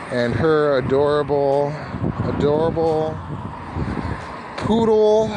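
A man hosting a solo podcast while walking down a street, rambling and laughing at his own jokes. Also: medium pitch. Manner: rambling, self-amused, full of fillers. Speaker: podcast host. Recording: loud street noise outdoors.

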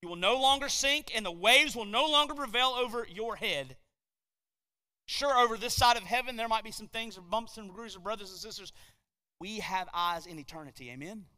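A male pastor preaching from a podium, his high, very bright voice rising to loud emphasis and then dropping low. The sound rings with a long hall reverb. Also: moderate pace. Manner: preaching with swells from quiet to shouted emphasis. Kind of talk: sermon. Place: church sanctuary at a podium.

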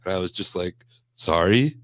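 A man's voice: low-pitched, fairly quick, dry recording. A man co-hosting a podcast, chatting casually and laughing often. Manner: laughs often, lively and expressive. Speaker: podcast co-host. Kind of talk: casual chat.

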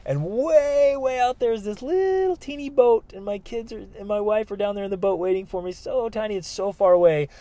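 A middle-aged man tells a personal story with lively energy and acts out the people he quotes. His voice sits slightly high. The recording is close and dry, with no room sound. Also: brisk, hardly any pauses, no room sound. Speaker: speaker telling a personal story. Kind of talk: animated storytelling.

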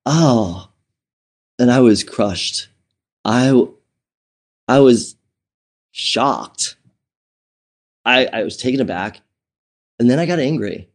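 A man at an ordinary middle pitch tells a personal story to an interviewer. He talks in a chatty, candid way, restarting sentences and padding them with fillers. He laughs easily as he goes. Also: slow pace, long pauses. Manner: laughs often while telling. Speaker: interview guest.

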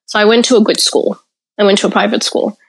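A woman's voice: mid-range voice, little pitch movement, slightly rough. Candid woman from Africa sharing her story. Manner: candid and reflective, pausing to gather thoughts. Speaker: podcast guest. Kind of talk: personal storytelling in an interview.

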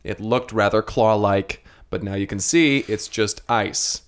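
A man's voice: fairly low pitch, measured pace. A man voicing a weary, level-headed male first mate in an improvised comedy story. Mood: exasperated.

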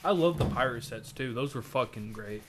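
A young man co-hosting a casual podcast chat, relaxed and rambling, often repeating himself. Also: mid-range voice, normal speed, background noise. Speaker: podcast co-host.

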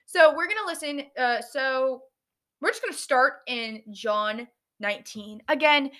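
Bright-voiced young woman leading Bible study. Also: sits high, a little slow. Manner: chatty, filler-heavy, stumbles over words. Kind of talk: casual Bible reading and reflection.

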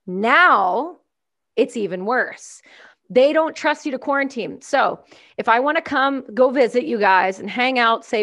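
A woman's voice: on the high side, fairly bright tone. A woman in casual conversation, animatedly telling a story and complaining, with casual swearing. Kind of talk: casual chat.

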